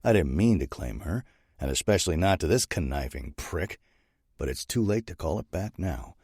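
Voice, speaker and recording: A man narrating a first-person audiobook in a steady, gritty storytelling manner. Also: low voice, moderate pace, breathy edge, dry recording, clean studio sound.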